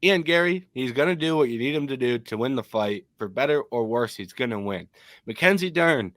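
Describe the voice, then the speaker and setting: Animated man, dry close sound. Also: medium pitch, brisk, dry recording. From Michigan. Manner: animated, opinionated, frequent ums. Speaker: co-host of an MMA podcast. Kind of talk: casual podcast chat.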